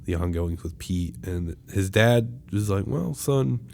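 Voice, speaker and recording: Low-voiced man casually recapping a movie. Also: a little mellow. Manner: laid-back recapping with frequent "uh" pauses. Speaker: podcast co-host.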